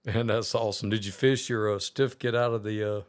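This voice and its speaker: A man's voice: lowish voice, fairly even intonation, fast, smooth, dry recording, clean studio sound. A man hosting a podcast, asking easygoing interview questions and laughing along. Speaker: podcast host. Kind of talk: casual interview.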